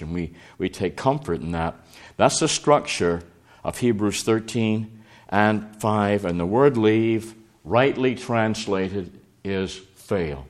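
Earnest male preacher with a low voice. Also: slow pace. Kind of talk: sermon.

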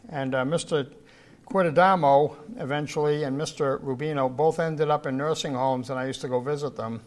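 A man teaching a Bible study to a gathered group in an informal sermon. He tells stories in a rambling way with many restarts, and reads scripture slowly and with emphasis. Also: on the high side. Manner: slow, emphatic scripture reading. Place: church gathering, in person.

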